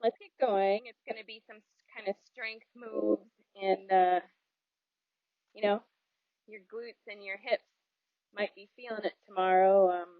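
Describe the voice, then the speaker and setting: A woman teaching a yoga class, calmly cueing breaths and movements with some ums and uhs. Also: mid-range voice, unhurried, no echo. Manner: calm, cueing breath and movement, with filler words. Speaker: yoga instructor. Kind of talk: guided yoga class instruction. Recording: dull, dry lo-fi sound.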